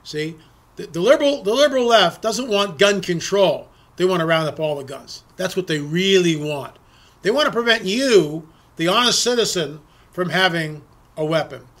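Middle-aged guy ranting about politics, high voice, bright and sharp, keeps repeating words. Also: expressive, moderate pace. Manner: emphatic, repeats words when pressing a point. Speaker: political commentary host. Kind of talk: opinionated political monologue.

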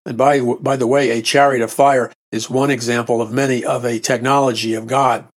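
A man's voice: mid-range voice, flat delivery, normal speed. A man preaching a sermon, emphatic, often repeating and restarting phrases and rising to bursts of intensity.

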